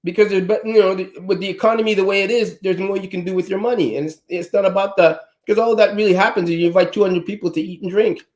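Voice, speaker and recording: A man's voice: high voice, steady tone, fast talker, few pauses, darkish tone. A middle-aged man from Trinidad with a Trinidadian accent, talking bluntly and emphatically as a guest in casual chat.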